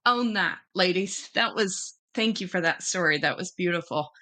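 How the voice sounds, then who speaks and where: Bright, effusive woman hosting a podcast. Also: fairly low pitch, moderate pace. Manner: warm-hearted, effusive, gushing thanks. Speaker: podcast host. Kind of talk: casual interview conversation.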